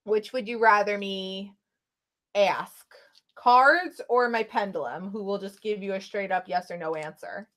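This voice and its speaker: A woman's voice: medium pitch, unhurried, a bit bright. A woman vlogger giving tarot card readings in a chatty, casual way, talking straight to her viewers.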